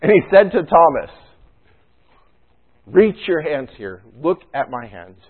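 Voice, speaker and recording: A man's voice: on the high side, very animated, slow, husky. A man preaching a conversational sermon as pastor, chatty and joking in his asides. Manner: casual, chatty asides and jokes. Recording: tinny phone-like sound.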